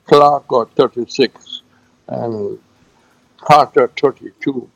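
A man presenting cricket scores on a radio show, halting, with many fillers, repeating figures slowly. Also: mid-range voice, steady tone, creaky, no echo, poor audio. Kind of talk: radio sports news segment.

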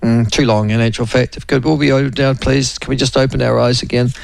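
A man's voice: medium pitch, little pitch movement, fast talker, creaky, no echo. A middle-aged man with a New Zealand accent hosting a casual talk radio show, rambling and wry, full of opinions and asides to his co-host. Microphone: studio microphone.

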